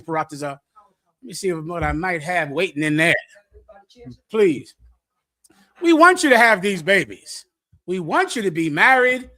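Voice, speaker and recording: A middle-aged man preaching bluntly to young listeners, lecturing and swinging between loud and hushed delivery. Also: high-pitched. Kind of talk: street sermon with audience questions.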